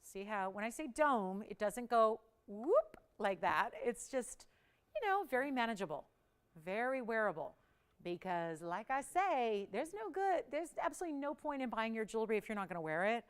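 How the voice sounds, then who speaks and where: A woman's voice: fairly high pitch, sing-song, moderate pace, clean tone. A woman hosting a live TV jewelry shopping show, counting prices down in an upbeat, persuasive sales patter.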